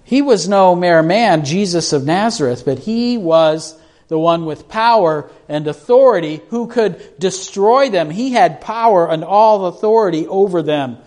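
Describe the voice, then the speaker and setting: A man's voice: sits high, expressive, measured pace, a little mellow. A man preaching a sermon in a conversational way, asking his listeners questions and restarting his sentences as he talks off the cuff. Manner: repeats words and restarts when speaking off the cuff.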